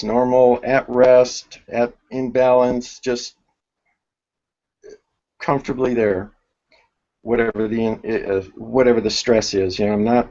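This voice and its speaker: A man teaches a spiritual workshop at an unhurried, deliberate pace, often stopping to restart his sentences as he thinks aloud. His voice sits at an ordinary middle pitch. The recording is muffled and lo-fi. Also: darkish tone.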